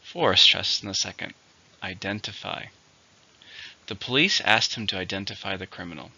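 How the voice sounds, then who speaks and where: Man, English teacher, very bright sharp tone, careful word drills, slightly muffled recording. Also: on the low side, creaky. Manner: slow, deliberate word drills with example sentences. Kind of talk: vocabulary lesson.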